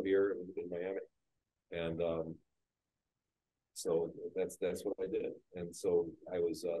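A man, a guest business owner, frankly telling his own story on a podcast panel at a live event, getting animated when he acts out scenes. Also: deep voice, slightly rough, low-quality recording. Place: live industry training event.

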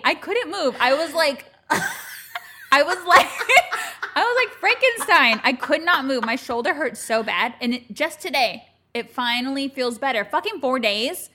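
A woman co-hosting a podcast, telling animated stories with laughter and swearing. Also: sits high, measured pace. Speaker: podcast co-host. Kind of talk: casual chat.

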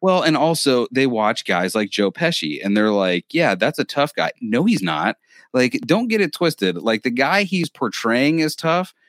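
A man's voice: mid-range voice, sing-song, measured pace, a bit bright, no echo, studio quality. An Italian-American man in casual film chat, wry and laughing often.

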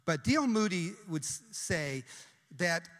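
A man preaching a sermon, talking fast with many restarts and repetitions. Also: on the high side, big pitch swings, fairly bright tone, long reverb tail.

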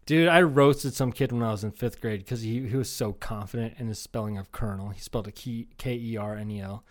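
A lowish male voice, a little fast, belongs to a thirty-something Iowa man co-hosting a comedy podcast. He chats casually, rambling through stories, swearing heavily and mimicking people along the way.

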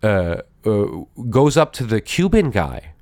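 Man, podcast host, low-pitched, wry, rambling, dry recording. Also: big pitch swings, unhurried, darkish tone, no room sound. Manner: rambling, with many restarts and repeated words; wry, mock-admiring tone. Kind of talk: casual movie review talk.

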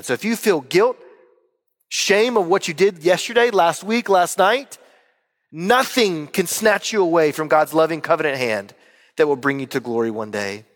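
In a church hall, a man with a slightly high, fairly bright voice preaches a sermon as pastor, his words trailing off into long reverb. He is earnest and emphatic, repeating key words to give them weight.

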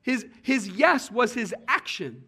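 Earnest, bright-voiced male preacher. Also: extremely high pitch, sing-song, husky. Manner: earnest, conversational, sometimes halting. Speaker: pastor. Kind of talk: sermon.

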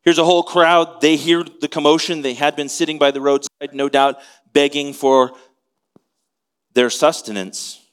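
A man's voice: fairly high pitch, fairly even intonation, moderate pace, clear, resonant tone. A man preaching an expository sermon in a conversational way, asking his listeners questions as he teaches. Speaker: pastor.

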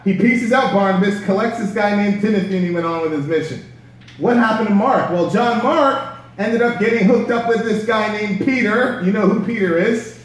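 High-voiced preacher in an echoey hall. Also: male voice, distant mic. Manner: casual slangy storytelling. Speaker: pastor. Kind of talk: sermon.

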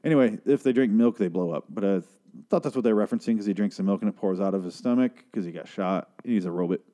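Low, mellow-voiced man ranting casually. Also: quick pace. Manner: profane, sarcastic, rambling with restarts. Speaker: podcast host recapping a TV episode. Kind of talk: casual rambling recap.

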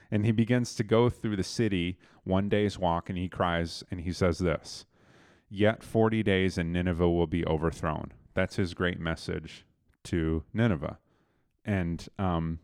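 Guy with a really low voice telling a bible story casual, lots of ums, dry close sound. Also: dry recording. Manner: conversational, loose paraphrase with fillers and restarts. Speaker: podcast co-host retelling a Bible story.

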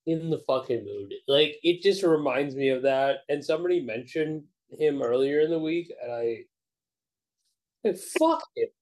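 A man's voice: a little high, normal speed, few pauses, darkish tone, rough recording. A man co-hosting a casual chat over a video call, blunt and swearing as he rambles. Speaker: podcast co-host.

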